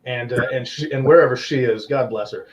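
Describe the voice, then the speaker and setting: A man's voice: mid-range voice, fairly quick, highs cut off. A man hosting an online talk show from his office, joking and teasing in a sarcastic, self-deprecating way over a video call. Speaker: host. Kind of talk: casual interview chat. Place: home office.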